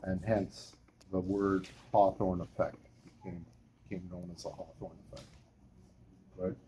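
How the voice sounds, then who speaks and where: In a lecture hall, a male professor with a deep, warm voice teaches at a measured pace, his pitch barely moving. He engages the students and often asks "right?", captured from afar in an echoey room with slight background noise.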